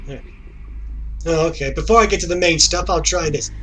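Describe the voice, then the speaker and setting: A man's voice: on the high side, brisk, pushed and bright, soft background music. A young man chatting casually and rambling as he plays a game. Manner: chatty, rambling, self-interrupting. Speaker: gamer. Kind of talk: casual gameplay commentary.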